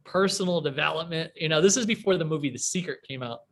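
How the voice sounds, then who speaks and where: A man's voice: a little high, fast. Chatty, rambling man telling a story. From US Midwest, small town near Chicago. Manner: rambling, animated storyteller with many fillers. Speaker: guest entrepreneur. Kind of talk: casual storytelling interview.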